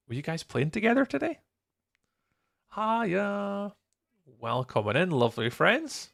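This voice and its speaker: A Scottish man in his young adult years talks loosely to his live-stream chat, greeting viewers by name and laughing often. His voice has a gravelly, creaky edge, and his pitch swings widely, lively up and down. He sounds close to the mic. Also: measured pace, long pauses. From Scotland.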